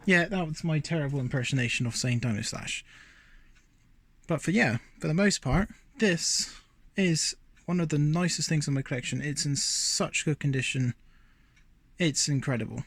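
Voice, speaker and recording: A man's voice: fairly high pitch, normal speed, gravelly, breathy edge. A man talking casually while showing off his collectible collection, rambling with asides, filming on a handheld phone indoors at home. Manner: chatty and rambling, many fillers and asides. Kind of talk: casual show-and-tell vlog.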